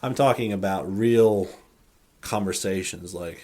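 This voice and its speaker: A man's voice: fairly low pitch, normal speed, warm tone. A man hosting a faith podcast, talking earnestly in a rambling monologue with frequent restarts and self-corrections. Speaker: podcast host.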